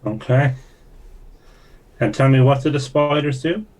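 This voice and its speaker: A man playing a tabletop game, speaking in character in a formal, measured way. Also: mid-range voice, a little mellow, poor audio. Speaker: player.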